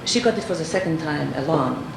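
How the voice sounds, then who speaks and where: A woman with a Polish accent gives a formal acceptance speech, earnest and gracious, with short pauses and a touch of humor. Her fairly low voice rings around a big echoey banquet hall. A loud room hum runs underneath. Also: expressive, vocal fry. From Poland. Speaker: award recipient and scientist. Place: large dinner hall.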